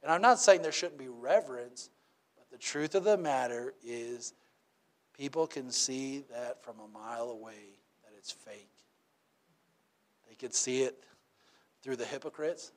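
A man's voice: mid-range voice, unhurried, long pauses. A man preaching a sermon in a conversational way, often asking "right?" and acting out little quotes.

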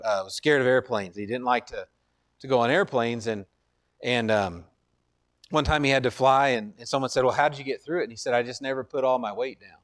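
A man's voice: on the high side, fairly bright tone. Earnest man preaching a conversational sermon. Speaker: pastor. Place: church.

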